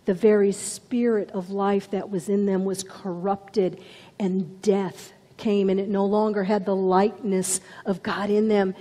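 Woman preacher, sermon, slow deliberate delivery, dramatic storytelling, long church reverb. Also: mid-range voice, flat delivery. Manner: dramatic storytelling with soft whispered passages.

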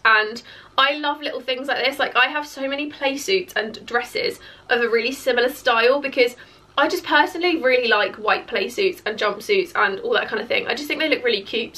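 A woman chatting casually through a clothing haul, her voice croaky and cracking from hiccups, with lots of "like" fillers. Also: fairly high pitch, bright, forceful tone. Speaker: fashion vlogger. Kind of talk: casual try-on haul chat. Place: bedroom beside a clothes rail.

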